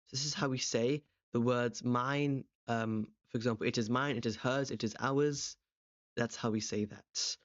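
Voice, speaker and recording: A young man teaching a language revision lesson, explaining step by step and putting quick questions to the viewer. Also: medium pitch, no echo. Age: young adult. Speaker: language tutor. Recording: dull, slightly lo-fi close recording.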